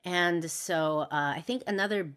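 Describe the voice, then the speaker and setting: A woman's voice: on the low side, measured pace, fairly bright tone. A young adult woman hosting a podcast, talking candidly and earnestly in a reflective monologue full of fillers and restarts. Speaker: podcast host.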